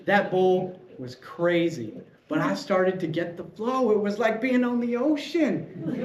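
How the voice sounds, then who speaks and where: A man giving a prepared storytelling speech at a club meeting, animated and playful as he tells a tale. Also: high voice, slow pace, crowd noise. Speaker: club speaker. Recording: echoey room, faint ambience.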